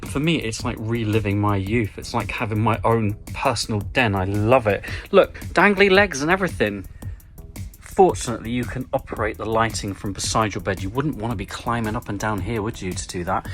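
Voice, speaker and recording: A man's voice: lowish voice, brisk, fairly bright tone, soft background music. Playful man vlogging on the move. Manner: playful, theatrical, self-mocking. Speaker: travel vlogger. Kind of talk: chatty travel vlog. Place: moving through stations, an airport and a small hotel cabin.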